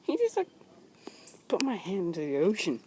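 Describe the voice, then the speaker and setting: A woman's voice: on the low side, wildly swooping pitch, normal speed. A woman filming her cats at home on her phone, talking playfully to them in a cooing way and giggling often, sleepy from just waking up. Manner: cooing, playful talk to pets, frequent giggles. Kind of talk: casual home video chat. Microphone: handheld phone camera. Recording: phone video with clear background noise.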